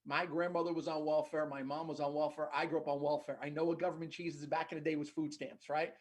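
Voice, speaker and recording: Fast-talking New Jersey man. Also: a little high, level tone. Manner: fast, earnest storytelling. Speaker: podcast guest, agency executive. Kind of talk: casual podcast interview.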